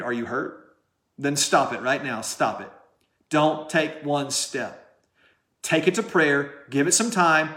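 A man's voice: a little high, a bit bright, roomy sound. A man preaching a sermon straight to camera, passionate and direct, firing rhetorical questions at the listener. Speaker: pastor.

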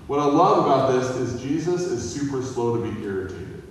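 A pastor giving a conversational sermon, mixing humor and acted-out quotes. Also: male voice, mid-range voice, expressive, brisk, a little hiss or hum. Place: church sanctuary. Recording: echoey hall, voice from a distance.

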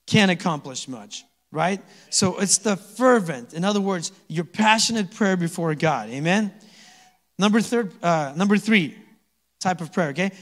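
A man preaching a sermon as pastor, conversational and quick to chuckle, often asking the congregation to answer back. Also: high-pitched, fairly bright tone, long reverb tail. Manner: conversational, asks the congregation to respond; chuckles often between points. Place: church sanctuary.

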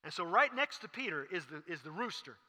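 Animated preacher in a reverberant hall. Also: male voice, sits high, fairly quick. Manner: animated, acting out the characters' lines. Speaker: pastor. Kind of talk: sermon.

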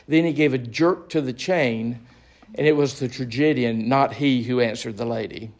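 Pastor, male, gravelly voice, reads a book aloud and acts out the quotes a little, then talks it through plainly. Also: mid-range voice, moderate pace, a little mellow. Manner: reads quoted lines in a theatrical voice, then explains in plain talk. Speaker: pastor leading a book study. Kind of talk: reading aloud and commenting in a book study.

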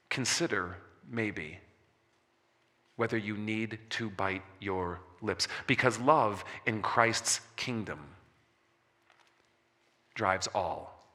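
A man preaching a sermon as a pastor, slowing for emphasis and dropping soft on key words. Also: on the low side, expressive. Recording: long reverb of a large hall.

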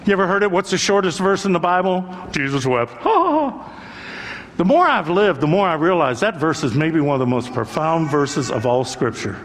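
With a voice that sits high for a man, an older pastor gives an earnest, conversational sermon built on repetition. He speaks briskly with few pauses and a slightly bright tone, amid long hall reverb and a faint hiss or hum.

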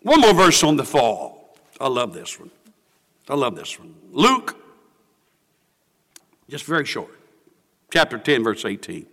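A man's voice: medium pitch, huge pitch swings, measured pace, pauses often, bright, forceful tone, in a large hall. A man preaching a sermon, dramatic and emphatic, repeating lines for effect.

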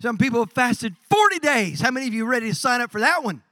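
A man preaching a sermon as pastor, animated, acting out quoted voices and swinging from quiet lines to shouts. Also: extremely high pitch, fast talker, dry recording, clean studio sound. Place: church.

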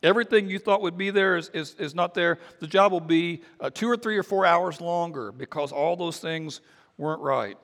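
A man, a pastor, preaching a sermon in a relaxed conversational way, often restarting and repeating his words. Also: on the high side, moderate pace, long reverb tail. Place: church sanctuary.

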